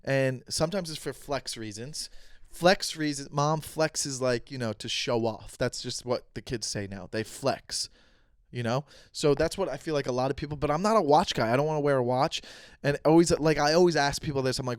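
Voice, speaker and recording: A man's voice: medium pitch, normal speed, no room sound, studio quality. A young man hosting his own podcast in a loose, chatty, slangy way, talking straight to his listeners. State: out of breath after dancing. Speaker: podcast host. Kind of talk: casual solo podcast talk.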